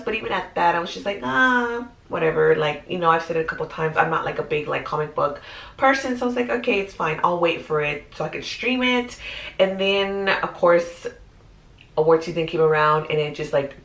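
A woman in her thirties chatting casually through a movie countdown, animated and full of fillers. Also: on the low side. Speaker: movie vlogger. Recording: roomy echoey room.

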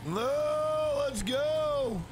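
A man livestreams a game with game music playing, cursing and excitably trash-talking the screen while greeting and thanking viewers in the chat. His voice is very high and he draws out his words.

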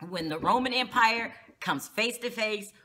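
A woman's voice: a little high, a little slow, bright, forceful tone. A woman vlogger recapping a reality show in casual, gossipy talk with frequent laughter and slang.

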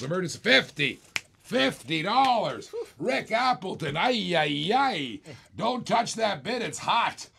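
Gravelly man calling a live auction. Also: on the high side, fairly bright tone. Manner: playful, repetitive bid patter with jokes. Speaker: auctioneer and host.

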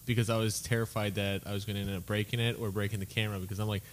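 Off-mic crew guy, low voice, talks fast and hesitant, faint rumble behind him. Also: flat delivery. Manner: hesitant, filler-heavy, quiet.

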